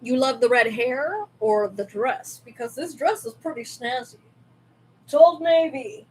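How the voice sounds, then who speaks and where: Chatty high-voiced woman hosting a craft livestream. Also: a little slow, a little mellow, husky. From California. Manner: rambling and chatty, with many fillers and self-asides. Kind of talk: casual live-stream chat. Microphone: desk mic with webcam.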